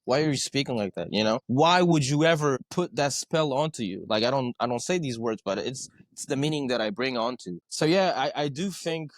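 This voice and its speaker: A man's voice: mid-range voice, lively intonation, normal speed, hardly any pauses, no echo. A male podcast guest telling stories in a conversational way, earnest, often checking in with "right?" and repeating his words. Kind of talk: conversational storytelling.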